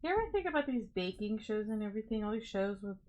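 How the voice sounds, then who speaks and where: A woman's voice: medium pitch, big pitch swings, fast, darkish tone, dull audio. A young woman streaming herself building a toy set, chatting casually and musing aloud as she drifts between topics. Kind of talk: casual chat while building.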